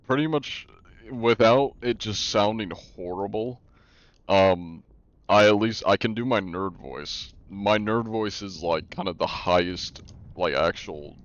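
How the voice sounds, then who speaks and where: A man's voice: sits low, dry recording, dull audio. A man streaming live, chatting casually while gaming and answering his chat, rambling with many fillers and restarts.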